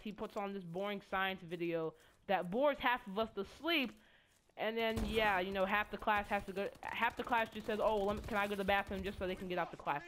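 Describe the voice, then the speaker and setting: A woman's voice: medium pitch, fairly bright tone, a little hiss or hum. A teenage girl telling a rambling, stammering story full of profanity, casually, while playing a game. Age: teens. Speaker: student vlogger.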